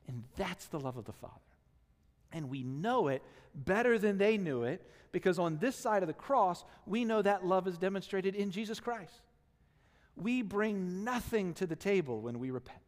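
Animated preaching man in a reverberant hall. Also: high-pitched, moderate pace. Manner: animated storytelling, acting out quotes, self-deprecating. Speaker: pastor. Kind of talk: sermon.

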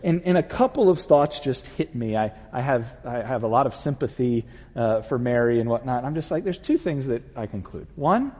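A man preaching a sermon as pastor, telling a personal story in an animated way and acting out the voices in it. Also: mid-range voice, moderate pace, slightly rough, big-room sound.

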